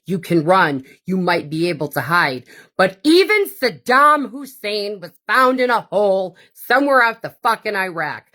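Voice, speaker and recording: A woman's voice: mid-range voice, sing-song, a little slow, bright, forceful tone. Blunt, profane woman ranting as podcast host. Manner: blunt, profane and combative, with sarcastic asides. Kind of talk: ranting monologue.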